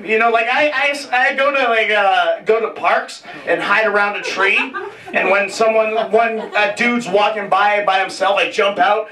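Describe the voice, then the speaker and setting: A man's voice: high-pitched, pushed and bright. A man in his twenties doing a rambling, self-deprecating stand-up set on a comedy club stage. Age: 20s. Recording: roomy club, distant mic, crowd. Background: audience laughter.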